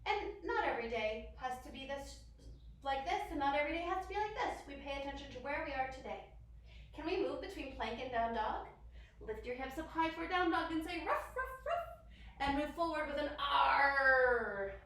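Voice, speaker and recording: Fairly quick and expressive in a high-pitched voice, a bubbly young instructor coaxes children through guided yoga, adding animal sounds as she goes. The very echoey recording places her far from the mic.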